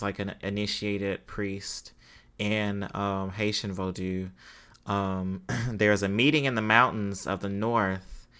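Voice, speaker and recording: A man's voice: lowish voice, bright, forceful tone, clear, resonant tone. A man giving a casual spoken history talk, hesitant, with frequent fillers and self-deprecating asides.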